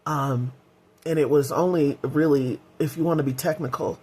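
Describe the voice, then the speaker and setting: A woman's voice: rumbling low, husky. A middle-aged woman vlogging in a candid, heartfelt way, rambling with fillers as she talks. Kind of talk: casual personal vlog.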